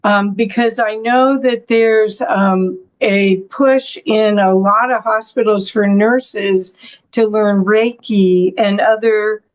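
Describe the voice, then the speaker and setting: A woman hosts an interview at a very slow, deliberate pace. Her pitch sits in the middle of the range. She talks in a measured way, pausing often on "um". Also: steady tone. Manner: measured, with frequent "um" pauses. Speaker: interview host. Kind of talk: interview talk.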